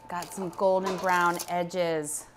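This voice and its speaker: A woman's voice: lowish voice, level tone, takes it slowly, slight background noise. A middle-aged woman chatting casually as she demonstrates a recipe in her home kitchen. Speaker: cooking show host.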